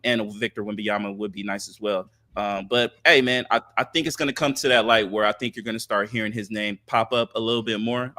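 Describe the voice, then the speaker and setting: A man co-hosting a podcast, giving thoughtful casual sports talk with many filler pauses. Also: lowish voice, pushed and bright. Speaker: podcast co-host.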